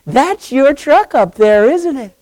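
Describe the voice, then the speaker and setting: A man voicing a kind, soft-spoken woman stranger who offers help. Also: expressive, full character voice. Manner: soft, sweet, slow, rising higher.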